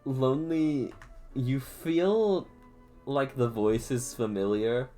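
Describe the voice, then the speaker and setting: A man running a tabletop game as dungeon master, narrating haltingly with many fillers. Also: medium pitch, warm tone, faint music behind. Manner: halting, full of fillers and laughs.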